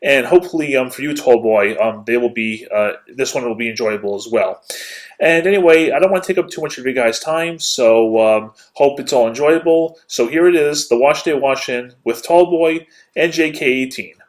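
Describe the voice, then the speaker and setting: A man sending a casual recorded video greeting, hesitant and full of pauses. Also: medium pitch. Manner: hesitant, lots of ums. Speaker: guest sending a video message.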